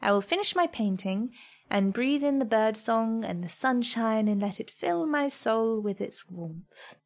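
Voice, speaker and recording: In a soft, reflective voice pitched a little higher than most women's, a woman tells a first-person story at an even, measured, unhurried pace.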